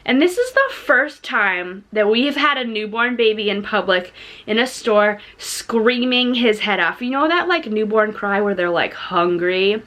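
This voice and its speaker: A young woman telling a storytime vlog story in an animated, chatty way, with many "like"s. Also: medium pitch, a little slow. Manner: animated, chatty, says "like" often; laughs while telling the story. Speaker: vlogger.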